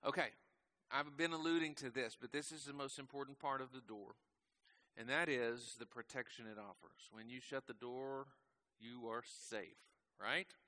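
Speaking in a mid-range voice, this pastor preaches in a conversational style, regularly asking his listeners questions. Toward the close of each phrase his delivery slows and softens.

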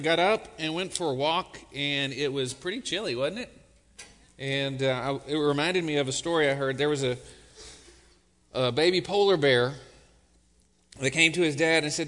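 In a church sanctuary, a pastor gives a relaxed sermon, conversational and full of jokes. His fairly high voice rings bright, and a long reverb trails through the hall.

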